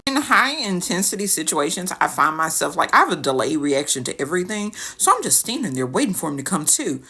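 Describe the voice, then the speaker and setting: Woman, casual storytime, lively swooping pitch, bright husky voice, dramatic delivery. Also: fairly quick. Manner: animated, dramatic retelling with quoted voices.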